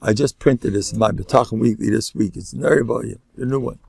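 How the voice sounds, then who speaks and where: Older rabbi with a gravelly voice. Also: male voice, mid-range voice, fast talker, a little mellow, no echo. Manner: joking, sprinkles Yiddish and Hebrew terms. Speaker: rabbi teaching a class. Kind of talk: live lecture to an audience.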